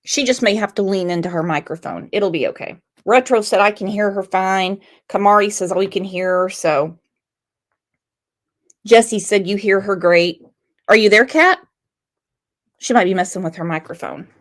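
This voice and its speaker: A woman's voice: medium pitch, moderate pace. A woman with a Southern US accent hosting a casual livestream, teasing her guest and reading viewer comments aloud. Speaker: host.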